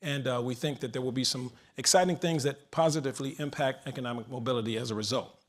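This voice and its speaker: A man's voice: mid-range voice, fast. A man speaking into a handheld mic at a large public forum, moderating and announcing with energy. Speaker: moderator and organization leader. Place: large event hall.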